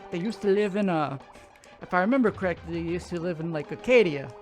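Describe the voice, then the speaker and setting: High-voiced man rambling casually. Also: animated, fast talker, soft background music. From Louisiana. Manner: rambling, filler-heavy, laughs often. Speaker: show co-host. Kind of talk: casual chat.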